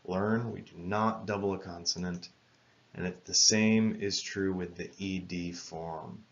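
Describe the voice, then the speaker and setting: A man teaching English spelling rules in a careful, measured lesson narration, spelling words out letter by letter. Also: sits low, steady tone, muffled recording.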